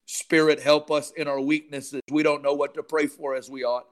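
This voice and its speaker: A man leads a group in charismatic prayer, his voice fervent and insistent. Surges of loud exclamation give way to low, murmured tongues, all on a fairly level, unvaried pitch. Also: flat delivery, normal speed, few pauses. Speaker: prayer leader.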